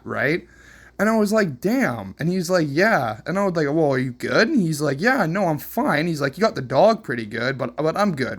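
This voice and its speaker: A man's voice: mid-range voice, a bit bright. Rambling, profane young man telling a story. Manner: rambling, profane, lots of "like" and "right?". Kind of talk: casual storytime monologue.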